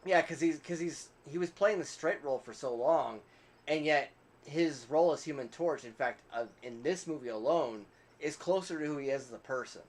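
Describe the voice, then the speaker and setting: A man's voice: on the high side, normal speed. A man hosting a casual podcast, chatty, telling stories and laughing often. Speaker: podcast host. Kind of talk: casual chat.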